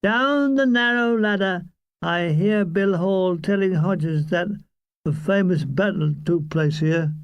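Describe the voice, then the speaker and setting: A man's voice: high-pitched, takes it slowly, clean tone, no echo. A man narrating a comic wartime memoir in a dry, wry storytelling manner. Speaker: audiobook reader.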